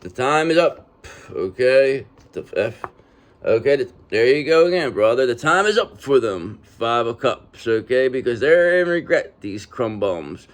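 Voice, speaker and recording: Male tarot reader, casual and streetwise, keeps checking in with "okay?", mid pitch. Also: very animated, unhurried. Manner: street-talking, repetitive, reassuring with frequent "okay?". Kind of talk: casual tarot reading monologue.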